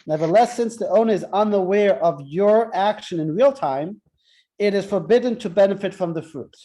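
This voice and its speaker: High, mellow male teacher, chatty and joking, always checking "right?". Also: moderate pace. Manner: chatty, keeps asking "right?", tells jokes. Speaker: Torah class teacher. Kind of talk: interactive classroom lesson.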